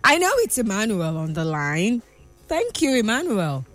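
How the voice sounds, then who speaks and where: A woman hosting a live morning radio show in a studio, exuberant and often shouting and laughing between her words. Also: mid-range voice, sing-song, normal speed, soft background music. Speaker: radio host.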